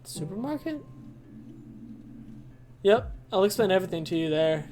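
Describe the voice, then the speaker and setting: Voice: medium pitch, big pitch swings, moderate pace, dark tone, a little hiss or hum, natural voice. A streamer voicing a cheerful, chatty man calling on the phone in a game, reading breezily.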